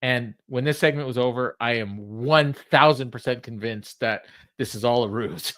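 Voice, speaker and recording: As a podcast co-host, a man casually recaps a wrestling show, quoting the wrestlers and laughing often. His voice is medium-pitched and fairly bright, at normal speed.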